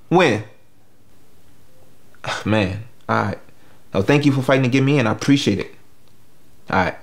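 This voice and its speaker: A man playing a comic actor who gets an audition call, talking in a lively, animated way. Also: mid-range voice, moderate pace, long pauses. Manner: animated, slips into impressions. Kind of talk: scripted comedy acting.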